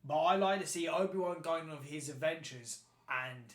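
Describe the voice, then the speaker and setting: A man co-hosting a podcast, chatting excitedly, swearing a lot and acting out quotes. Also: on the high side, normal speed. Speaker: podcast co-host. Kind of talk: casual chat. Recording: roomy echo.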